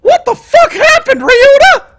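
A man voicing a panicked young male pigeon student, reading game lines in a high, shouting, frantic voice. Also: sing-song, measured pace, noisy background, full character voice.

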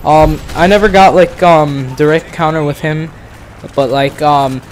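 Young man, from the Bronx, casual vlog, lots of fillers, swearing, slightly high pitch. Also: steady tone, a little slow, slight background noise. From the Bronx, New York. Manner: rambling, profane, heavy with fillers and restarts. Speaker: vlogger, channel host. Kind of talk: casual storytelling commentary.

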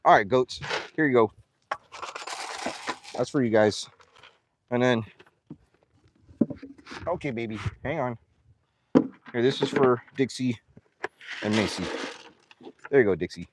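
A man vlogging outdoors while feeding his farm animals, excitable and out of breath, laughing and talking to the animals as he goes. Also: mid-range voice, a little slow, pauses often, noisy background.

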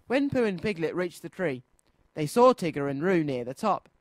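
A man presenting a children's radio show, reading a storybook aloud in an expressive, sing-song way. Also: a little high, moderate pace, no room sound.

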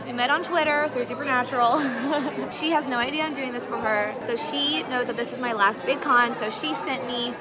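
Giggly high-voiced young woman vlogging. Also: steady tone, over a noisy crowd. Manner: chatty, giggly, fast storytelling. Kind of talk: casual vlog chat. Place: busy convention hallway. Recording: noisy crowded hall with music.

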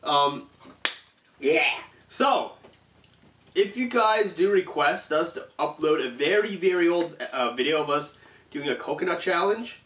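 A man's voice: a little high, lively intonation, measured pace, fairly bright tone. A laid-back, easily amused man co-hosting a casual chat while tasting candy. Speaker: co-host. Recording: echoey room from far off.

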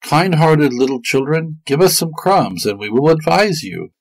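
A man's voice: a little high, animated, measured pace, no room sound, voice pushed up. A man doing chirpy little storybook birds. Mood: friendly. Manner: chirpy, friendly.

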